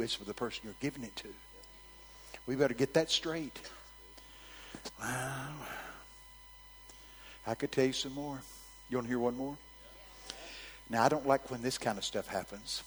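A man preaching a storytelling sermon, swinging from hushed asides to loud, shouted quotes. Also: mid-range voice, big-room sound, a little hiss or hum, low-quality recording.

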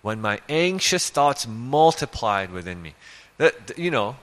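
Lively, bright-voiced male preacher. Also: mid-range voice, measured pace. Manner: conversational, asks rhetorical questions, reads scripture. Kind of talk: sermon.

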